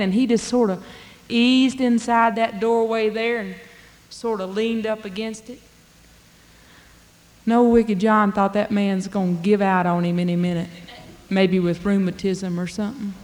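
A woman telling a folk tale in a drawling, dialect-rich way. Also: medium pitch. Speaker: storyteller. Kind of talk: folk storytelling performance. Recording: long hall reverb.

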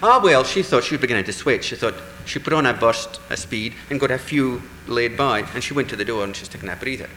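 A man telling a traditional folk tale in a lively, animated way, acting out the voices in the dialogue. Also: mid-range voice, fast, hardly any pauses, roomy sound, in a large hall, slight background noise, rough recording. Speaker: storyteller.

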